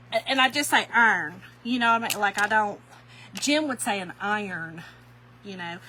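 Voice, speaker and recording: Chatty Southern woman, bright voice. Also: on the high side, slight background noise, poor audio. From US North. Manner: chatty, teasing, laughs often. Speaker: craft livestream host. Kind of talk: casual livestream chat.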